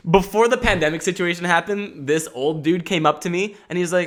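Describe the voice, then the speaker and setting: Bright-voiced, animated male podcast host. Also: high voice, quick pace, few pauses. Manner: animated, rambling, swears freely, self-mocking. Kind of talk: casual comedic monologue.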